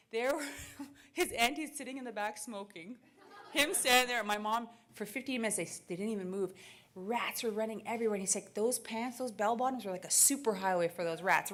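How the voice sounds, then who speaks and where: A woman giving a talk, telling a lively family story with quoted voices and frequent laughter. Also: fairly high pitch. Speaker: speaker.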